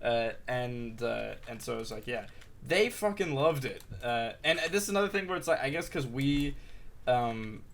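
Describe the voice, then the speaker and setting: A man's voice: medium pitch, expressive, normal speed, vocal fry, a bit bright. A young man co-hosting a casual podcast in a mid-range voice. He rambles, piling up fillers and false starts as he talks. A faint hiss of noise sits behind him. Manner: rambling, many fillers and restarts. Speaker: podcast co-host. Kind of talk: casual chat.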